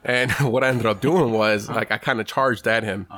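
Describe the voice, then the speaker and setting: A young man casually telling a story in a podcast chat, animated and swearing often, acting out what people said. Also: mid-range voice, normal speed. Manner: animated, swears a lot, acts out quotes.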